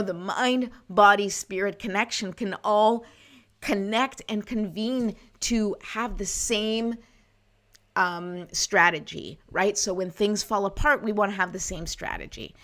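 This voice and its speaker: A middle-aged woman hosting a live wellness show, talking in a casual, encouraging way and often checking in with listeners. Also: medium pitch. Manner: warm, encouraging, conversational with frequent "right?" and "okay?". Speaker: host of a wellness livestream. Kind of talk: casual motivational talk to live viewers.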